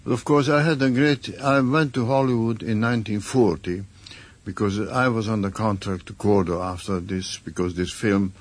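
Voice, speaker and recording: Older man, Hungarian accent, husky, lowish voice, lively storyteller. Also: moderate pace. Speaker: guest composer. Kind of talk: anecdotal radio interview.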